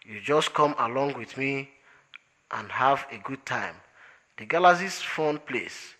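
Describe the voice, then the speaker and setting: A man's voice: mid-range voice, expressive, a little slow, pushed and bright. A man reading an audiobook, voicing a breezy, smug male alien traveler in an offhand, amused way.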